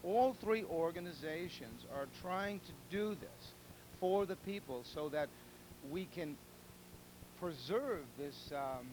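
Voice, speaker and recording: A man's voice: on the high side, animated, slow pace, noisy background. A man hosting a telethon, rambling through jokes and appeals with repeated words and chuckles. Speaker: telethon host. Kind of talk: casual joke-telling and fundraising appeal.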